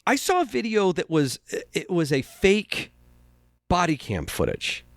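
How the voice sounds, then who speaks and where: A man hosting a casual podcast chat, talking haltingly with frequent restarts and sighs. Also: high voice, sing-song, dry recording, studio quality. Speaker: podcast host.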